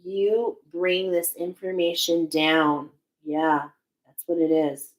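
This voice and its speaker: A woman's voice: fairly low pitch, flat delivery, slow, low-quality recording. A woman giving a spiritual oracle card reading, speaking in a searching, emotional way with many restarts.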